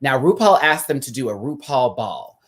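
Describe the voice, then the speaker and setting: A man's voice: sing-song, normal speed. Sassy man hosting a live review. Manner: sassy and chatty, full of drag slang; laughs often, dramatic pitch swings. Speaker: host reviewing a TV episode live. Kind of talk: casual live-stream review.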